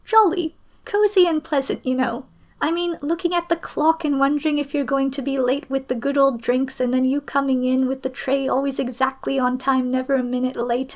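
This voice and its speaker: A woman voicing an excitable, flustered young gentleman in a storybook reading, raising her voice high and loud for him.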